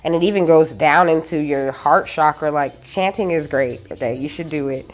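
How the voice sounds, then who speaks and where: A woman's voice: deep voice, normal speed. Chatty laughing woman doing a spiritual card reading, keeps saying okay?, swears a bit. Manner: giggly, animated, peppered with "okay?"; reads lyrics aloud and swears casually. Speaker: tarot reader.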